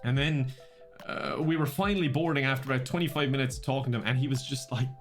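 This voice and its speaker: A man with an Irish accent telling a casual anecdote on a stream, rambling, animated and often cutting himself off. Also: medium pitch, fast, soft background music. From Ireland. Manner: rambling, animated, self-interrupting.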